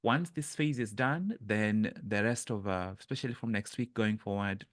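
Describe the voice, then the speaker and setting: A man's voice: fairly low pitch, normal speed, dry recording, studio quality. A man leading a live online coaching session over a webcam, speaking earnestly with frequent restarts and repeated words.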